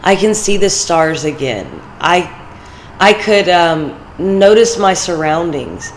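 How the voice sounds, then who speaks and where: A woman's voice: fairly low pitch, takes it slowly, slight background noise, poor audio. A woman with a congested voice, rambling and personal as she gives casual motivational talk in a vlog, with fillers between her thoughts. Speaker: vlogger.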